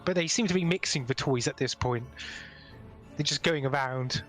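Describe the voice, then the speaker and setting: A man's voice: mid-range voice, normal speed, a bit bright, soft background music. A man narrating as game master in a loose, chatty way.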